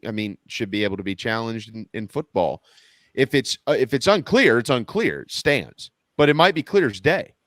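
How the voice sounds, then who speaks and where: A man, co-hosting a casual sports talk show with animated, incredulous rants. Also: mid-range voice, dry recording, studio quality.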